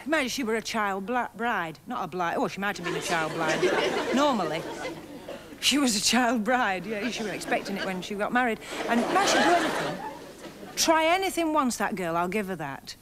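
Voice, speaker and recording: A woman doing a stand-up routine, gossiping in a chatty way and firing off deadpan one-liners while laughing at her own jokes. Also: mid-range voice, brisk, over a noisy crowd, very noisy. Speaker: stand-up comedian. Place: TV studio stage before live audience. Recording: archive TV recording with audience laughter.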